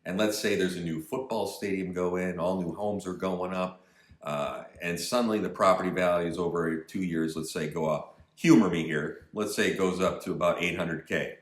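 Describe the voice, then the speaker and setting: A man's voice: sits low, steady tone, moderate pace, roomy sound. A man giving an indignant, emphatic political rant, repeating phrases for stress and slipping in mocking asides. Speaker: political commentary vlogger. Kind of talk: ranting commentary.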